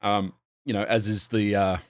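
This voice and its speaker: A man's voice: lowish voice, level tone, moderate pace, no room sound, studio quality. A young man co-hosting a podcast, telling a bar story with lots of swearing and laughter and putting on the voices of the people in it. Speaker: podcast co-host. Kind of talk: casual podcast chat, storytelling. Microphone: desk microphone with arm.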